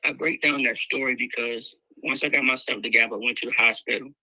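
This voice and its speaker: A man's voice: mid-range voice, steady tone, fast talker, pushed and bright, husky, no echo, muffled recording. A man telling a raw personal story, candid and emotional, full of fillers. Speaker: guest speaker sharing his life story.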